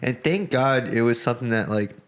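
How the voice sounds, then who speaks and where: A man's voice: medium pitch, a little fast. A man hosting a podcast, chatting casually and swearing for emphasis. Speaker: podcast host. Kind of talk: casual chat.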